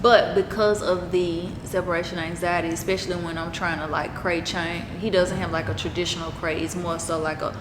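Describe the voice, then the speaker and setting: A woman's voice: fairly low pitch, level tone, brisk, hardly any pauses, background noise. A woman, chatting expressively to her viewers in a casual vlog. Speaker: vlogger.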